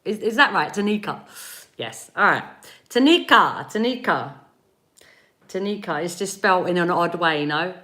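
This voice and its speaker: A woman giving tarot readings on a live stream, chatting gently with viewers and softly repeating their names as she tunes in. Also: on the low side, animated. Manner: slow, soothing, repeats names while tuning in. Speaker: tarot reader.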